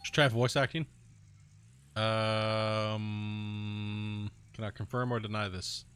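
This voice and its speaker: Soothing, bright-voiced young male streamer. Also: on the low side, steady tone, slow pace, clean tone. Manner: laid-back, joking, slangy. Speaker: live streamer. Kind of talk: casual chat to viewers while gaming.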